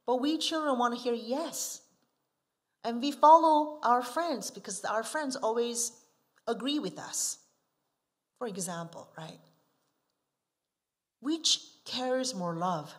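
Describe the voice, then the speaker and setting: A woman's voice: on the high side, lively intonation, takes it slowly, pauses often. A woman missionary preaching a sermon, asking the congregation rhetorical questions and stressing key words emphatically. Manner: asks the listeners frequent rhetorical questions; emphatic, swinging from soft asides to forceful stresses.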